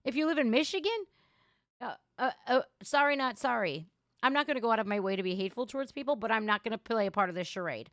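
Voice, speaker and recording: A woman hosting a casual livestream, talking bluntly and sarcastically in an animated rant. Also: a little high, quick pace, no echo, studio quality. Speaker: livestream reaction host. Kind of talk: casual opinionated livestream talk.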